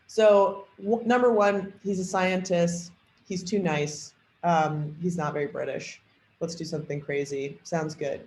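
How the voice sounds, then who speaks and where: A woman's voice: low voice, fairly even intonation, measured pace, darkish tone, roomy sound, a little hiss or hum, low-quality recording. A woman giving a casual tutorial on tuning an AI character, thinking aloud with lots of fillers. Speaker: trainer demoing an AI character tool.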